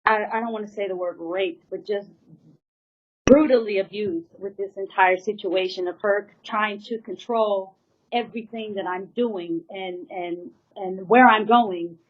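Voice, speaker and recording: A woman's voice: mid-range voice, fairly even intonation, a little slow. A woman telling an emotional personal story as an interview guest, rambling with many fillers and repeated words. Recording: tinny phone-like line.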